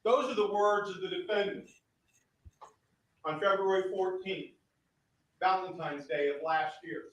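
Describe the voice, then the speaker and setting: A man giving a deliberate, emphatic opening statement as prosecutor in a courtroom. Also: high-pitched, fairly even intonation, fairly bright tone, lo-fi sound. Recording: echoey courtroom audio from far off, faint noise.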